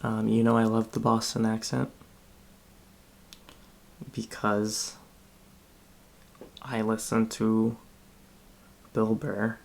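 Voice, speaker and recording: A man hosting a podcast live stream, chatting casually and thinking aloud in a halting way while he browses. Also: lowish voice, monotone, gravelly. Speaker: podcast host.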